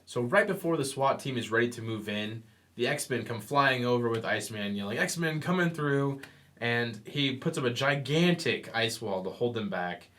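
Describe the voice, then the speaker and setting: A man's voice: mid-range voice, moderate pace, bright, forceful tone. Man retelling comic plots casually. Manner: retells scenes acting out quoted lines. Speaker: podcast co-host. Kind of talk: casual comic book review chat.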